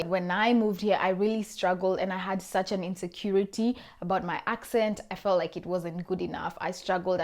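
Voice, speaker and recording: A young woman in her twenties, raised in Kenya, speaks in a voice pitched at an ordinary level for a woman, and her accent mixes Kenyan and Australian sounds. She talks straight to her viewers in a chatty, encouraging way. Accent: Kenyan-Australian blend. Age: 20s. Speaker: vlogger. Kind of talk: casual advice vlog.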